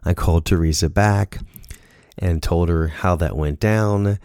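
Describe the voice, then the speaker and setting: A man's voice: sits low, unhurried, dark tone, clear, resonant tone, no room sound, clean studio sound. A man in a casual monologue, earnestly telling a personal story and acting out the dialogue. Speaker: speaker sharing a personal lesson.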